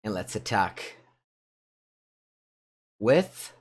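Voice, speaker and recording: A man with an Italian accent streaming a card game, thinking aloud in low mutters with sudden excited outbursts. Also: drawn-out words, husky. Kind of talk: live gameplay commentary.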